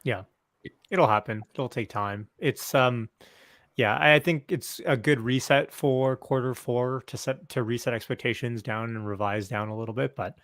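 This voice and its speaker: A man on a casual panel, speaking in a calm, reassuring way. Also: mid-range voice, normal speed, dry recording.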